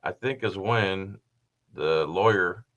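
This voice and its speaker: A man with a bright, forward voice talks through a video in a loose, meandering way. He drops dry, sarcastic remarks as he goes, casual and unscripted. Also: low voice, slow. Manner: rambling, sarcastic asides. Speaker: host.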